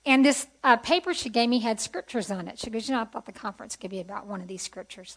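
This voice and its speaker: A woman's voice: mid-range voice, quick pace, few pauses, a bit bright, rough recording. A middle-aged woman sharing a personal testimony at a women's conference, earnest and conversational, often asking rhetorical questions. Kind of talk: testimony sermon.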